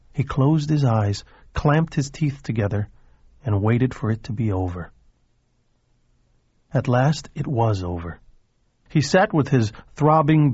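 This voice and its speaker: A man narrating an audiobook in a steady, measured reading voice. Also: medium pitch, no echo, lo-fi sound.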